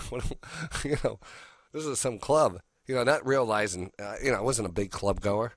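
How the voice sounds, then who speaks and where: Low-voiced middle-aged man telling a story. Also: fairly quick, dry recording, studio quality. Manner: rambling, with many restarts and quoted dialogue. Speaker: radio show host. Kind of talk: casual storytelling.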